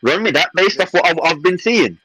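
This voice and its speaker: Fiery man with husky voice. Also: high-pitched, lively intonation, fairly quick, a bit bright, no room sound, poor audio. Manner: fiery, repeats himself, mocking. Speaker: podcast co-host. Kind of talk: heated football banter.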